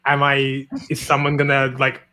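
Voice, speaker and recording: Bright-voiced man joking nervously. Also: mid-range voice, completely flat delivery, moderate pace. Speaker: guest. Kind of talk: casual chat on a livestream.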